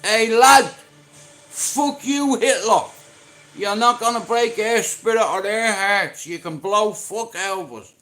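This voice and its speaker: A man putting on a defiant grown man from a wartime neighbourhood, shouting and swearing in a rousing way. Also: medium pitch, animated, slow, exaggerated voice.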